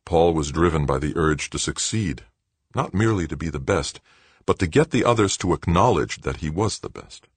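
A man reading a novel aloud as narrator, in a measured, even storytelling manner. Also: extremely low pitch, breathy edge, no room sound. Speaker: audiobook narrator. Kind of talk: scripted narration.

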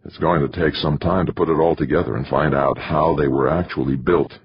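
A man doing a hushed subdued anthropologist. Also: very deep voice, steady tone, a little fast, breathy edge, highs cut off, exaggerated voice. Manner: hushed, half whispering.

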